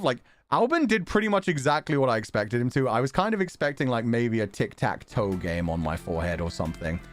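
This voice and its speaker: Male streamer, casual chat, very animated lively pitch, laughs a lot, swears, faint music behind. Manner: laughs often, swears, excitable.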